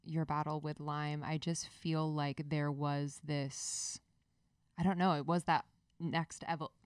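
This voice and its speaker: A woman's voice: sits low, little pitch movement, takes it slowly, clean tone, no echo, studio quality. A woman co-hosting a podcast, asking a guest a long, effusive, rambling question. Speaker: podcast co-host. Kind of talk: interview questions.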